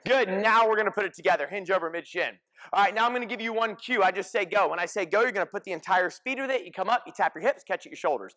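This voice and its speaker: Man, high voice, fitness coach, energetic, short commands, counting cues, group gym class. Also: quick pace.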